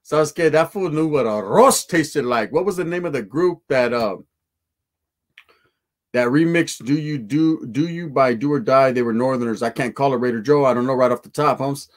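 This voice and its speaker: A man's voice: mid-range voice, moderate pace. A man, chatting loosely on a stream in street slang with Spanish words mixed in. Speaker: livestream host reacting to a film and reading chat. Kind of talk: casual chat.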